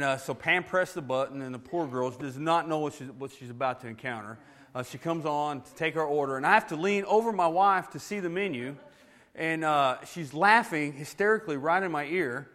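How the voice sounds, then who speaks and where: A middle-aged man preaches in a folksy, storytelling way. His voice sits a little high for a man. He is lively and often laughs as he talks. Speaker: pastor. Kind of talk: storytelling sermon.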